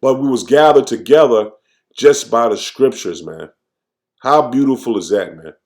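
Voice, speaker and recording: A man giving an informal, fervent sermon, reading verses slowly and then commenting, tagging "man" onto nearly every phrase. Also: mid-range voice. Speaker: scripture teacher. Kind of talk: informal preaching with scripture reading.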